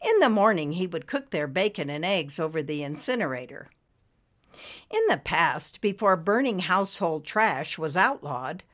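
Woman narrating a storybook, lowish voice, lots of ups and downs. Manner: expressive reading with lively intonation.

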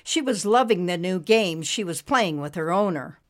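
Lively low-voiced woman reading a story. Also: moderate pace. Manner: expressive reading with lively intonation. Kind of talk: storybook narration.

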